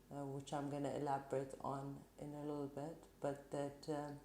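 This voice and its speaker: A woman hosting a tarot reading channel, talking casually and rambling, with restarts and soft laughs. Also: sits low. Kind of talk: casual spiritual talk to camera.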